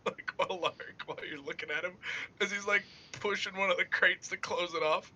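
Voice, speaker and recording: A man's voice: sits high, fairly even intonation, a little fast, bright, forceful tone, slight background noise. A man running a casual tabletop game as game master, laughing often and narrating loosely with lots of fillers.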